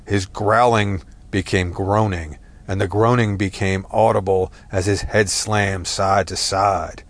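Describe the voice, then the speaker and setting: A man narrating a tense story in a measured, dramatic reading. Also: fairly low pitch.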